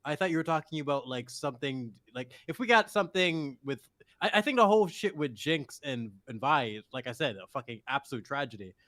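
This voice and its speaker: A man's voice: mid-range voice, animated, fairly quick, sharp tone, no room sound. A man discussing a TV show on a podcast, stammering through restarts and swearing. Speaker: podcast guest. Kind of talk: casual show breakdown chat.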